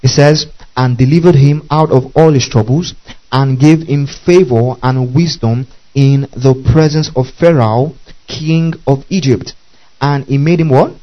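A man's voice: medium pitch, measured pace, highs cut off. A man preaching as pastor, teaching through scripture, repeating key phrases and asking the congregation to underline them. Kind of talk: sermon.

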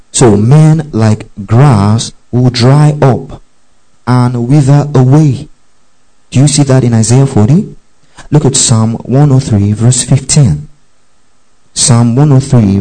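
A man preaches with a mellow, darker tone at a medium pitch. He reads scripture slowly and deliberately and keeps repeating lines for emphasis. He checks in with his listeners again and again and tells them to underline each verse. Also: rough recording. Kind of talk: sermon with Bible reading.

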